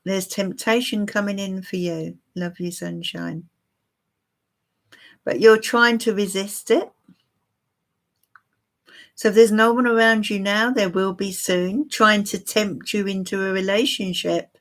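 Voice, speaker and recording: A woman's voice: mid-range voice, steady tone, unhurried, pauses often, fairly bright tone. A woman giving a live-stream tarot reading for viewers, musing and hesitant with many fillers. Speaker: tarot reader.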